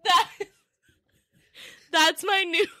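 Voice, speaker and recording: A woman co-hosting a casual true-crime podcast, bantering playfully and reacting quickly. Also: very high-pitched, steady tone, sharp tone, no room sound, clean studio sound. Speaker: podcast co-host.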